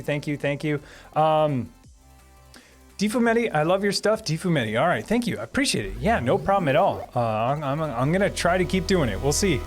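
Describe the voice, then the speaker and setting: Lively chatty man hosting a live stream. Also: on the high side. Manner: chatty, laughs often, thanks viewers repeatedly. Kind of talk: casual chat reading viewer comments. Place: home streaming setup.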